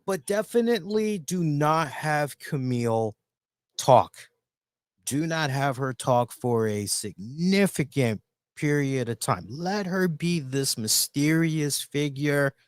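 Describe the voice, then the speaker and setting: A man hosting a solo wrestling review, talking in an animated, emphatic way and repeating words for emphasis. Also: on the high side, slow pace, clear, resonant tone, no echo, studio quality. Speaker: wrestling show reviewer, host.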